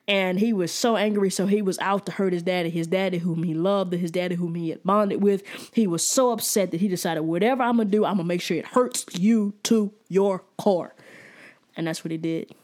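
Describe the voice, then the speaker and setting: A woman's voice: mid-range voice, a little mellow. A woman teaching a Bible study in a casual, conversational way, often repeating words and checking in with "okay?".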